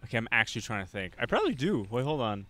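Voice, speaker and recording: Recorded in a park for a casual podcast, a young co-host spins a profane, rambling yarn, laughing, cursing and restarting as he goes. His mid-range voice swings widely in pitch and moves very fast, a bit bright, in a dry recording.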